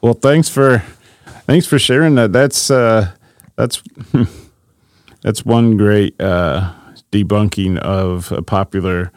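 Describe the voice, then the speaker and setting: A man with a very deep, low voice hosts a casual talk about scripture, thinking things through out loud as he speaks. The sound is dry and close, with no room echo. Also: steady tone, takes it slowly, long pauses. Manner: thinks aloud, reads scripture passages. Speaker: podcast host.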